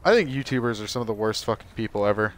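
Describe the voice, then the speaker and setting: A man's voice: lowish voice, animated, racing, a little hiss or hum. A man, a gaming YouTuber, chatting casually while playing, rambling and swearing freely. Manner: rambling, sweary, restarts often. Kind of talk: casual let's-play chat.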